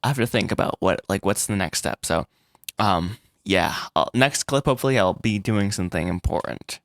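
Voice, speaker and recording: A man vlogging about making his animated film, rambling and self-deprecating, with frequent restarts and little laughs. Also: low-pitched, moderate pace, dry recording, studio quality. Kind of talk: casual solo vlog.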